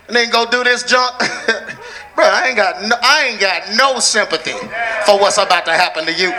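A male preacher giving an emphatic sermon in a church, building from plain talk up to shouts. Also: sits high, normal speed, noisy background.

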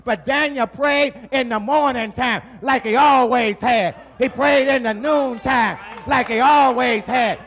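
A man preaching a sermon, building to shouted, drawn-out phrases. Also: very high voice, vocal fry.

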